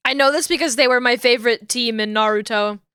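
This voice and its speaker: A woman's voice: on the high side, fast talker, bright, forceful tone, smooth, no echo, studio quality. A woman streamer chatting casually while she works, thinking aloud and correcting herself as she goes. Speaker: streamer rigging a 3D model. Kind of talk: casual chat while working.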